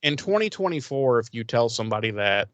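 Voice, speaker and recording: A man's voice: mid-range voice, big pitch swings, fairly quick, no room sound, highs cut off. A podcast co-host man recapping a TV episode in rambling casual chat, acting out the characters' lines and swearing freely.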